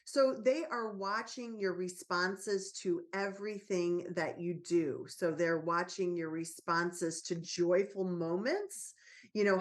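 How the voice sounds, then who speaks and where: A woman, a parenting author and guest on a podcast, talks in an earnest, reassuring way and tells stories from her own life as a mother. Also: on the low side. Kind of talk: casual podcast conversation.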